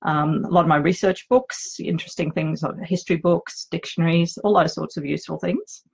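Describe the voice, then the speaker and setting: Woman, Australian accent, middle-aged, lowish husky voice, nervous chatty author, self-mocking, home office, dull lo-fi recording. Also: brisk. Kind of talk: casual live video chat.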